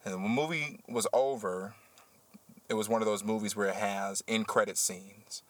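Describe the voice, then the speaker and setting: A man who works as a teacher, hosting a casual podcast chat and telling a story with animated, heated energy. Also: lowish voice, moderate pace, dry recording. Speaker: podcast host.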